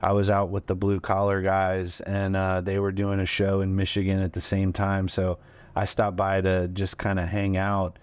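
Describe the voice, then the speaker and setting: A comedian in his forties spins loose, rambling anecdotes, full of "uh" and "like". His voice sits very low, and the sound is close and dry, with no room in it. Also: monotone, normal speed, smooth, no echo. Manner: loose, rambling, many fillers. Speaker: guest comedian. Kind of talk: casual storytelling.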